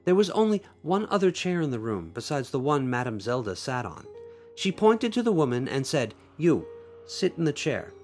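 A man hosting a podcast, reading his own short story aloud in an expressive storytelling way, with playful asides to listeners. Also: medium pitch, normal speed, faint music behind. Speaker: podcast host and author.

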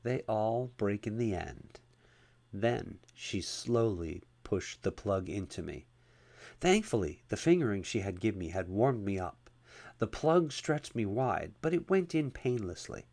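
Male narrator, low gravelly voice, steady first-person storytelling. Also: a little slow.

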